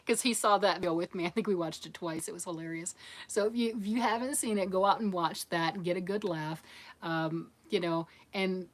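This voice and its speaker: A middle-aged woman hosts a crafting livestream, chatting casually as she reads and answers viewer comments. Her voice sits a little low for a woman. She sounds encouraging and laughs often. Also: fast talker. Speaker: livestream host of a crochet channel.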